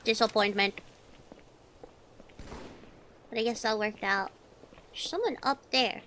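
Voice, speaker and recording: A woman's voice: fairly high pitch, moderate pace, slight background noise. A woman streaming a shooter game, chatting casually, swearing and yelping at the action. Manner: excitable, swears and yelps at the game.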